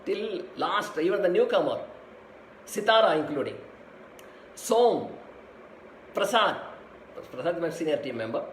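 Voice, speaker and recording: A man's voice: high voice, lively intonation, unhurried, pauses often, a little hiss or hum. Man giving an echoey spiritual talk. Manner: repetitive, addresses listeners as dear ones and beta. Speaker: spiritual teacher. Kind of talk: sermon.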